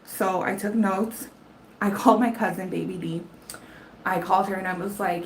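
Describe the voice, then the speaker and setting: A woman's voice: medium pitch, moderate pace, slight background noise, rough recording. A woman spiritual reader telling a rambling story live from home, swearing casually. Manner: rambling, animated, swears freely. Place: home in Arizona, fan running.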